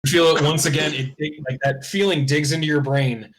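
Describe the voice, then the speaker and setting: A man's voice: a little high, steady tone, brisk. A man narrating a tabletop game as game master, in a casual, loose style with fillers like "kinda" and "uh".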